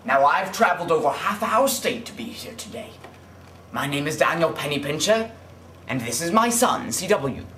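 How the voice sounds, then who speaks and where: A young man playing a greedy, contemptuous oil salesman in a student film, pompous and given to furious yelling. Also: fairly high pitch, sing-song, normal speed, echoey room, crowd noise. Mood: smug. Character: greedy, cruel male oil salesman who bicycles. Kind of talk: amateur student film acting. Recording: background music under the voice.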